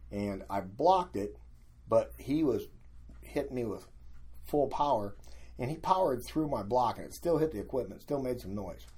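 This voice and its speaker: An older man, a guest, telling lively anecdotes in a casual storytelling way and acting out what other people said. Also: medium pitch, normal speed, slightly rough. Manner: animated anecdotes, acting out quoted voices.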